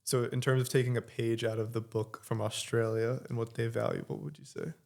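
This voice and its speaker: A man hosting a podcast, chiming in with short, chatty questions and quick interjections. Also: mid-range voice, little pitch movement, gravelly, a little mellow. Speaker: podcast host. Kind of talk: casual interview.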